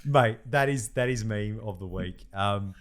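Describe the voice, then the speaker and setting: A man's voice: lowish voice, measured pace. Laughing man on a podcast. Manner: laughs often, animated, says "mate" a lot. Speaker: podcast co-host. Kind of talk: casual chat.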